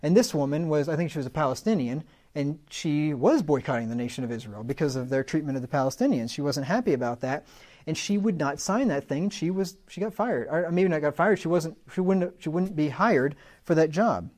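A man's voice: fairly high pitch, brisk, a little mellow. Emphatic conversational male preacher. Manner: emphatic, conversational, with frequent restarts. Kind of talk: sermon.

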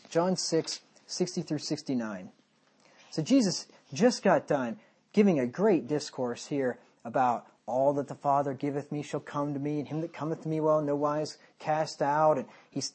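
A man preaching a sermon as pastor, reading scripture slowly and commenting bluntly and sarcastically. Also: on the high side, warm tone, husky.

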